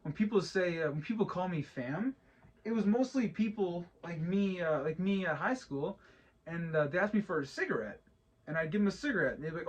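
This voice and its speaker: A man's voice: high voice, lively intonation, fairly quick, breathy edge, highs cut off. A man in his thirties co-hosting a casual podcast chat, rambling with lots of restarts and repeated words. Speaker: podcast co-host.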